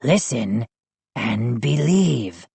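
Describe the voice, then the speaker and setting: A woman's voice: rumbling low, very animated, extremely slow, creaky, warm tone, slightly rough, no room sound, pitched below the performer's own voice, exaggerated voice. A woman voicing an eager little male lawn gnome who squeals and implores. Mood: imploring.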